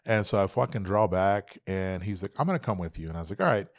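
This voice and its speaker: A young adult man, a podcast guest, telling an animated, profane story and acting out quoted dialogue. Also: deep voice, fast, no echo. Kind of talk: casual storytelling.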